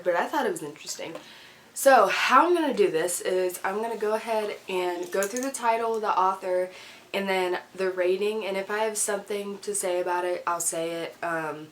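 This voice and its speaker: A woman's voice: mid-range voice, slight background noise, low-quality recording. A young woman with a stuffy nose from a cold, chatting casually and rambling about books she read, with frequent giggles and fillers. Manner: rambling, giggly, says like a lot. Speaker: book vlogger. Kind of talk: casual reading wrap-up chat.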